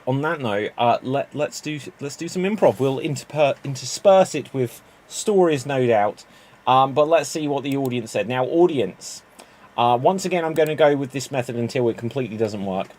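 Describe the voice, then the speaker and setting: Male improv host, chatty and rambling, mid-pitched voice. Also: darkish tone. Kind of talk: casual livestream hosting.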